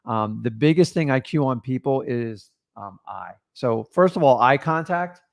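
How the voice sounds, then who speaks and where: A man's voice: mid-range voice, animated, measured pace, gravelly. A middle-aged man with an ordinary, mid-range voice gives earnest advice. He talks straight to viewers in a casual coaching tone. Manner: earnest, advice-giving, addresses viewers as guys. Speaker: co-host, real estate investor.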